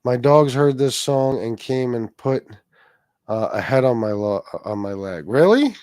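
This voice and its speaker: A man's voice: mid-range voice, animated, measured pace, a little mellow, no room sound. A man hosting a casual livestream, rambling, swearing freely and reacting to chat comments. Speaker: livestream host.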